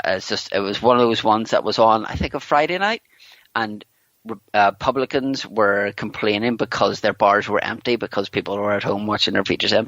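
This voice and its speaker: A man's voice: on the low side, gravelly, fairly bright tone, dry recording. A man talking as a podcast guest in casual chat, rambling with lots of "you know" and restarts. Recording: dull lo-fi dry recording.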